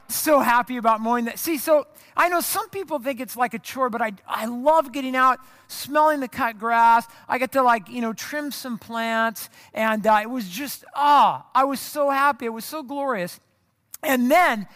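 A man's voice: very high-pitched, bright, forceful tone. A man pastor from the of America, preaching a sermon in a casual, storytelling way, poking fun at himself and talking straight to the congregation. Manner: casual storytelling, self-deprecating, addresses the congregation.

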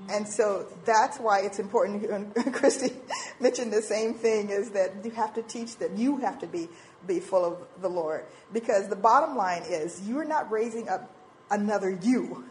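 A woman in her forties giving an informal church talk on parenting, animated and acting out little quoted voices. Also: mid-range voice, normal speed, a little hiss or hum, poor audio. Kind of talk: informal sermon talk with slides.

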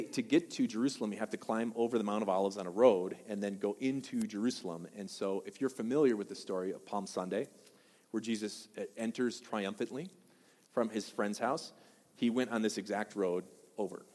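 A lower-voiced man preaching in a church sanctuary, rattling along quickly like he's chatting with the congregation. His voice jumps up loud now and then, and a long reverb from the hall trails after each phrase. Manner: fast, conversational, loud bursts. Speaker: pastor. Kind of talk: sermon.

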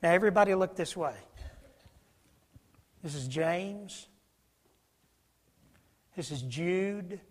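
High-voiced impassioned preacher in a reverberant hall. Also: male voice, slow, long pauses. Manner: impassioned preaching, sweeping from loud declaration to hushed near-whisper. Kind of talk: sermon. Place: church sanctuary.

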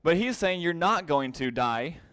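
A man's voice: a little high, animated, a little slow, fairly bright tone, smooth, dry recording. Male Bible teacher at a whiteboard; explanatory, repeats key terms; close, dry sound. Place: classroom with a whiteboard.

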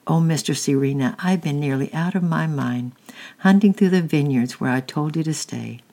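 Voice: moderate pace, warm tone, lightly acted. A storyteller voicing a fussy, frantic old nurse who scolds and pleads. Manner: shrill, pleading.

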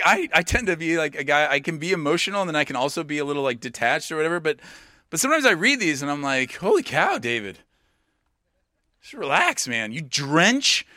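A young man preaching with a high, bright voice in a dry, close recording. His sermon is earnest and conversational, and he slips into the voices of the people he quotes. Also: lively intonation, fast, no room sound.

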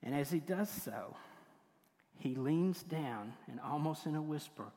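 An older man preaching a sermon as pastor, moving between forceful points and hushed, tender passages. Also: on the high side, expressive, unhurried. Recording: long hall reverb.

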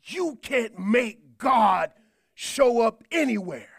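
Preacher, male, very high voice, dynamic delivery from quiet to loud. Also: very animated, slow pace, gravelly, husky, no room sound, studio quality. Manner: dynamic, swings from quiet asides to shouting. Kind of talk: sermon.

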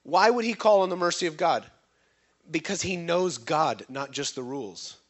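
Preaching at a moderate pace with lively intonation, this pastor questions his congregation and draws responses out of them. When quoting others, he performs their voices with abrupt pitch jumps.

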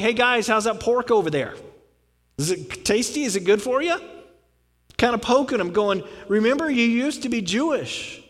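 A man's voice: on the high side, big-room sound. A man preaching a sermon in a conversational, storytelling way, acting out the voices of people in his stories. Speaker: pastor.

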